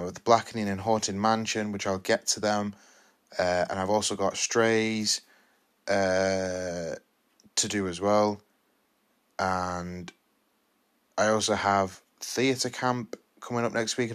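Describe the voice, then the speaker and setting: A man in his twenties talking casually and enthusiastically as a podcast host reviewing a film, rambling with restarts and repeated words. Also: lowish voice. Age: 20s.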